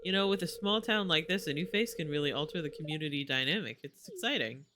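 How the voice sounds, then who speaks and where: A man reading aloud the lines of a friendly, curious young woman inventor from a game, brisk and eager. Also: a little high, sing-song, background noise.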